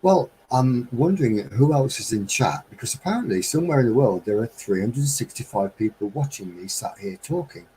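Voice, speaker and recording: A man's voice: mid-range voice, expressive, fairly quick, few pauses, warm tone, slight background noise, low-quality recording. A man hosting a casual live-stream chat from a home setup, talking in a rambling, chatty way and chuckling often. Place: home studio with green screen.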